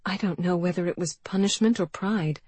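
A woman's voice: lowish voice, a little fast, darkish tone, breathy edge, no echo. A woman reading an audiobook, voicing a distraught young woman whose voice rises and cracks with emotion. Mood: anguished. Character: young woman, grieving, raw and agitated. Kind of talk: audiobook character voice.

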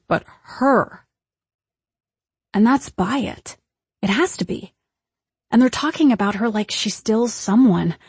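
A woman reads a first-person story aloud with measured, tense pacing. Her voice is husky and breathy. The recording is dry and close, with no room echo. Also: mid-range voice, darkish tone. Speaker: audiobook narrator. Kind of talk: first-person audiobook narration.

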